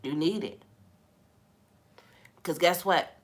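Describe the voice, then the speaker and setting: A young woman hosting a podcast, talking in a relaxed, conversational way about faith and sometimes dropping into a hushed voice when she tells a story. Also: fairly low pitch, slow. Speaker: podcast host. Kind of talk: casual spiritual talk.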